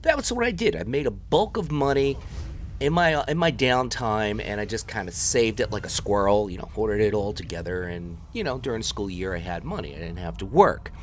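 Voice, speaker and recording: This gameplay commentator is a man in his thirties from the New York area of the United States, casually spinning a story while chatting, rambling, and teasing viewers through his play. His voice is lowish and expressive at a moderate pace, with slight background noise.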